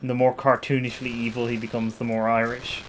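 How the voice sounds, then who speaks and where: A man's voice: mid-range voice, flat delivery, fairly quick, slight background noise. A man co-hosting a game stream, making dry, understated remarks in casual chat.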